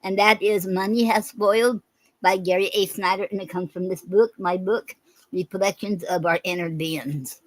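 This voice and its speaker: A woman's voice: mid-range voice, steady tone, no echo, rough recording. Brief: woman poet hosting her own show, mid-range voice, reads plainly and stops often for ums, dry close sound. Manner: halting, many okays and ums between readings. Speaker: poetry show host. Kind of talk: reading her own poetry aloud.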